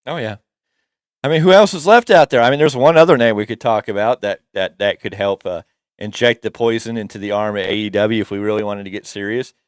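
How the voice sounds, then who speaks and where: A man with a low, smooth, resonant voice co-hosts a wrestling show in a relaxed, rambling way. He drifts between opinions and teasing asides. The sound is dry and close, with no room around him. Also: a little fast, no room sound. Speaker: wrestling podcast co-host. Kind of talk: casual opinionated chat.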